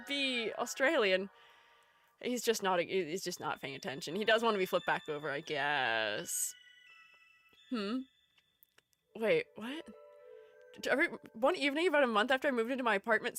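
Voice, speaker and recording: Young woman, streamer, casual live chat, giggly and rambling, lively pitch, slightly high voice. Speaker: streamer and art educator.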